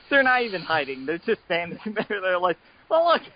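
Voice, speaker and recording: A man co-hosting a casual podcast chat, excitable and acting out characters mid-sentence. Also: high-pitched, moderate pace, lo-fi sound, a little hiss or hum. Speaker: podcast co-host.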